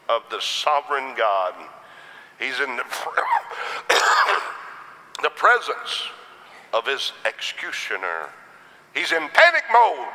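A man's voice: medium pitch, wildly swooping pitch, slow pace, long pauses, sharp tone, in a large hall, poor audio. A man preaching a sermon in a rhythmic style, punctuated with Amens.

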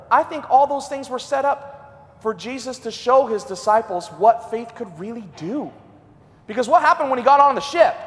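A middle-aged man preaching a revival sermon in a church, swinging between loud and hushed. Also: very high-pitched. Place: church sanctuary. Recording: long hall reverb.

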